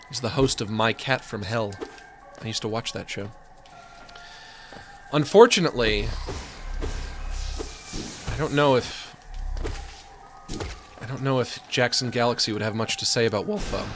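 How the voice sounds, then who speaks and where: A man in his thirties streaming a game, talking casually with sardonic, deadpan rants that burst into exasperated complaints. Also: medium pitch, normal speed, pauses often, faint music behind. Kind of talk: casual live-stream chat while gaming.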